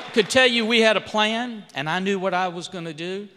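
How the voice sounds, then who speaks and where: A man, a congressman, telling stories in a speech at a church, swinging between loud and soft emphasis and acting out quoted dialogue. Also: high voice, normal speed, a faint crowd, a little hiss or hum. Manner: storytelling with rising and falling emphasis, quoting others in dialogue. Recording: long hall reverb.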